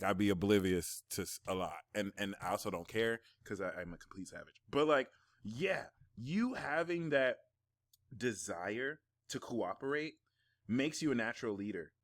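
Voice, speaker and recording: Lively, excitable male astrologer. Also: medium pitch, no echo, studio quality. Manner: excitable, slangy and profane, swings from hushed to shouting. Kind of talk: personal astrology reading.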